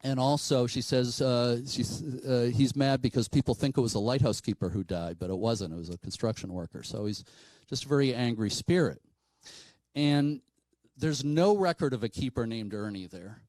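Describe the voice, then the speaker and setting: A man's voice: mid-range voice, normal speed, a little mellow, dry recording, poor audio. A man from New telling a ghost story to an audience in a conversational way, with frequent fillers and asides. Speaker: paranormal speaker.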